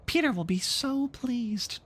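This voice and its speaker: A man doing a shrill spiteful tiny fairy. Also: expressive, takes it slowly, a bit bright, husky, full character voice. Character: tiny jealous scheming female fairy. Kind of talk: storybook read-aloud voice.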